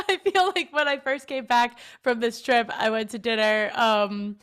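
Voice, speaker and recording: A woman's voice: a little high, unhurried, a bit bright, smooth. A young American woman chatting casually as a podcast guest, laughing often and filling her talk with fillers. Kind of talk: casual chat.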